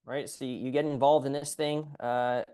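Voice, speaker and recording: Male PT coach on a call, animated, acts out client lines. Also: medium pitch, normal speed, smooth. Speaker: physical therapist coach.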